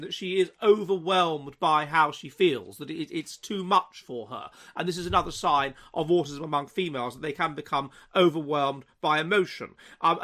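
Bright-voiced man lecturing with many restarts. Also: on the high side. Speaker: commentator. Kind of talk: vlog commentary monologue.

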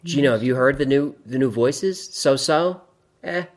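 A male livestream host with a medium-pitched voice reads comments from chat at normal speed in a loose, chatty stream. Along the way he rambles into wry asides and regularly laughs at his own jokes.

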